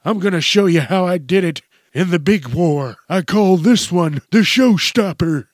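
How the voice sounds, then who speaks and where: A man voicing a feisty old male war veteran in a comedy sketch, boastful and shouting in a high strained voice. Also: expressive, unhurried, no room sound.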